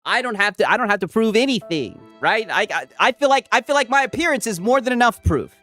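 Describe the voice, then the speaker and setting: A man hosts a casual stream, rambling through reactions and mocking his chat with a steady stream of "right?" tags. His voice sits a bit high and swings widely in pitch, and faint music plays underneath him the whole time. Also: fast talker. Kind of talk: casual livestream commentary. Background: music playing.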